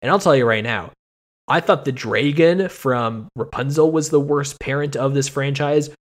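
A man's voice: mid-range voice, moderate pace. Man ranting in mock outrage. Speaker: podcast host. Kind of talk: casual podcast chat.

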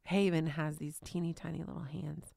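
A woman in her thirties giving a devotional teaching, soft and tender, often dropping to a whisper. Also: low voice, fairly even intonation, normal speed, creaky, no echo, clean studio sound. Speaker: podcast host.

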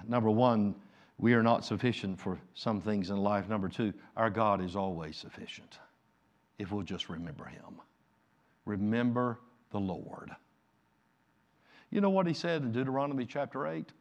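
A male pastor delivering a Sunday sermon, moving from quiet personal storytelling to loud, emphatic preaching. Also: on the low side, unhurried.

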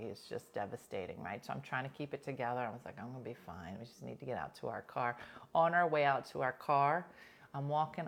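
A woman co-hosting a talk show, telling stories in casual chat with lots of "like". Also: extremely low pitch. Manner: animated storytelling, heavy use of "like".

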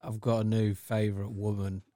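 Male co-host, low voice, dry booth sound, casual banter. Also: flat delivery, moderate pace, warm tone, no echo. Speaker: podcast co-host.

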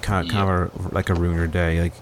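Low-voiced man hosting a film podcast. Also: little pitch movement, a little hiss or hum. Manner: halting, many restarts and fillers. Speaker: podcast host. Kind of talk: casual film podcast chat.

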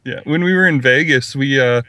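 A man's voice: mid-range voice, a little fast, pushed and bright. A man from Canada, a podcast guest telling a story in an amused, casual way. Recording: distant from the mic.

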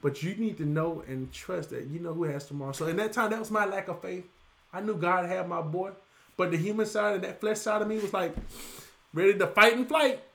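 A middle-aged pastor, preaching with a voice that sits high for a man. He keeps his sermon lively and loose, throwing call-and-response questions back at the congregation. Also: fairly quick, vocal fry.

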